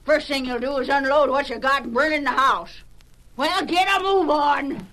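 An actress playing a bossy, sharp-tongued frontier housekeeper who scolds with colorful insults, in 1940s radio acting style. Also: female voice, sits high, moderate pace, a little hiss or hum, low-quality recording. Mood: scolding.

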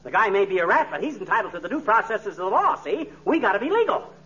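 A middle-aged husband, blustering, boastful and suspicious, performs in a 1940s radio comedy style. His male voice is high, lively and slightly rough, quick-paced and exaggerated, with an excitable, folksy bluster. The recording is a dull lo-fi old radio capture with faint hiss.

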